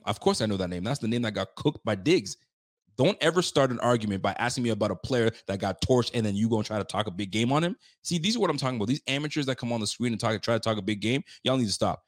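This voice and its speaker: A man hosting a casual sports talk show at a medium pitch. He rants with emphatic trash talk and loops back over his own words as he works himself up. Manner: animated, emphatic, ranting, trash-talking, often repeats himself.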